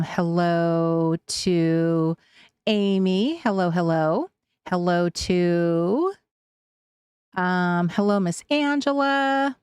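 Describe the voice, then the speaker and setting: A woman's voice: lowish voice, smooth, dry recording, clean studio sound. Chatty woman hosting a livestream. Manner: chatty, warm greetings, self-correcting. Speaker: livestream craft host. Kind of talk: casual livestream chat greeting viewers. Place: home.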